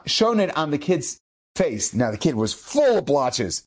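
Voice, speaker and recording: A man's voice: a little high, measured pace. A middle-aged man, a rabbi, giving an earnest inspirational eulogy, telling stories with Hebrew and Yiddish terms mixed in. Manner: acts out quoted speech in lively shifting voices.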